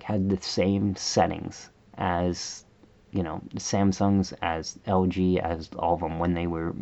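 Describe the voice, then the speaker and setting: A man's voice: low voice, vocal fry, a little mellow, muffled recording. A man vlogger telling a rambling, exasperated story in a casual rant, full of fillers.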